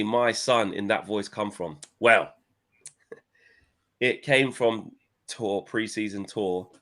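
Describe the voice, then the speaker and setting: Banterous young man, low voice. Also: bright, forceful tone. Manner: banterous, playful, uses slang like "my son" and "innit". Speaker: co-host of fan channel livestream. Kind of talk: casual fan chat reading live comments.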